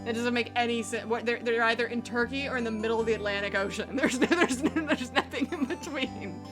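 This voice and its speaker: A woman's voice: a little high, fairly quick, over music. A woman streaming a game, chatting casually with rambling, giggly asides.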